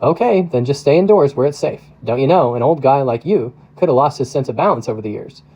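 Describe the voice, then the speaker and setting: A man's voice: medium pitch, lively intonation, fast, mellow, muffled recording. Teasing small-town postmaster woman with a Midwestern accent, read by a man, folksy and nosy. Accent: Midwestern American. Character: chatty teasing middle-aged woman postmaster.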